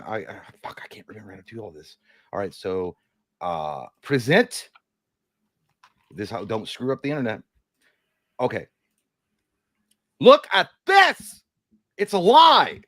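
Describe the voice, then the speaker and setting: A man's voice: medium pitch, animated, moderate pace, a bit bright, no room sound. Dry-sounding joking man on a stream. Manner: rambling, jokey, reads news aloud. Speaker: podcast co-host. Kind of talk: casual livestream chat.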